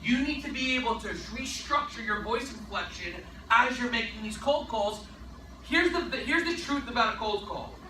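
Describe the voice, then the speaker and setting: A man giving a sales training talk, energetic and emphatic, often tossing in a rhetorical "right?". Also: very high-pitched, moderate pace, echoey room, far from the mic, a little hiss or hum, poor audio.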